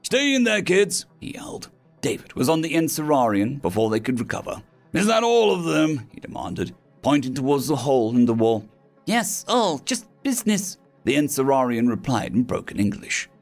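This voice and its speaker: A man's voice: medium pitch, a little fast, a little mellow, soft background music, lightly acted. A man voicing a weary, wounded male space marine corporal who speaks in short, clipped commands. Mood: grim.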